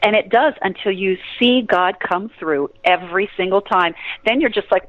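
Woman, interview guest, animated storyteller, laughs easily, dry close sound, slightly muffled. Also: mid-range voice, normal speed, hardly any pauses, no room sound. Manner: lively, laughs often, breaks into prayer.

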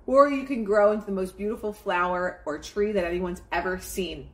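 A woman's voice: mid-range voice, normal speed, few pauses. A woman hosting a live stream, giving a casual motivational pep talk to her chat in a blunt, profane, emphatic way.

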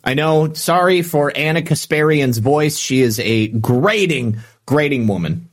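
A man's voice: a little high, a little slow. A man hosting a live-stream show, chatting casually and reading out viewer comments with offhand asides.

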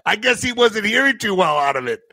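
High-pitched guy doing sarcastic news commentary, stumbles on words, dry close sound. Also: sing-song, a little fast, bright, forceful tone, no echo. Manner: sarcastic, stumbles over words while reading. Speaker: streamer reading news.

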